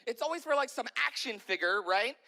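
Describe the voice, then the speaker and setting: A male stand-up comedian telling jokes in an animated way, often acting out voices. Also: extremely high pitch, brisk.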